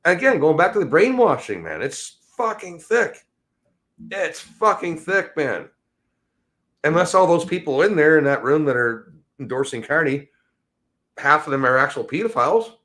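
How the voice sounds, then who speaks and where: A man hosting a podcast, ranting in a profane, rambling way that swings from low mutters to high exasperation. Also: big pitch swings, normal speed, fairly bright tone. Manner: agitated, sweary, rambling. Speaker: podcast host. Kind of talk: profane solo rant.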